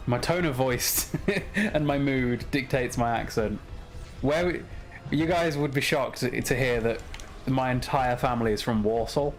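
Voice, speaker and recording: A man's voice: medium pitch, unhurried, faint music behind. A man chatting casually with viewers while streaming a game, swearing freely and grumbling at the controls. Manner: swears a lot, chatty and frustrated at games. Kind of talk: casual gaming stream chat.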